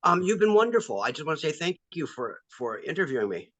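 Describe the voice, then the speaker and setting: Bright, candid man in a dry recording. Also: fairly high pitch, sing-song, no echo, highs cut off. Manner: warm, candid, pausing with ums. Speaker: actor and guest. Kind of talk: casual interview.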